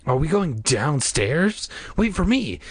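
A man voicing a shrill, impatient little boy in a story reading. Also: wildly swooping pitch, slow pace, gravelly, a bit bright, slightly rough, no echo, exaggerated voice. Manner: shrill, hissing.

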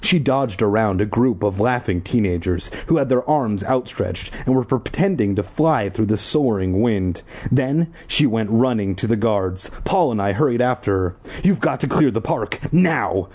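Casual male reader, expressive and husky, wisecracks between passages. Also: on the low side, normal speed, hardly any pauses. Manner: wry, profane asides. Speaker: audiobook reader. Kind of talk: reading a children's book aloud with joking asides.

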